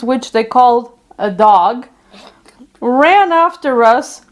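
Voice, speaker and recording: A woman reads a children's story aloud in a high voice, taking her time over every phrase. The delivery is gentle and unhurried, made for young listeners.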